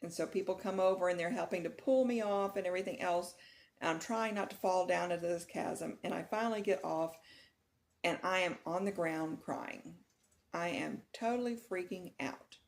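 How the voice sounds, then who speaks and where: Casual vlogger, middle-aged woman from Texas with a lower voice, lively and laughing while telling a story. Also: moderate pace, creaky. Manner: animated, laughing retelling of a nightmare.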